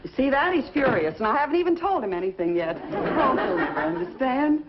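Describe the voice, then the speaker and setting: A woman's voice: high-pitched, sing-song, brisk, crowd noise, noisy background. An actress in a 1950s sitcom playing a scatterbrained, scheming wife who chatters when she is flustered. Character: scatterbrained wife of a judge, adult woman. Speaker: sitcom lead. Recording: dull old TV soundtrack, audience murmur.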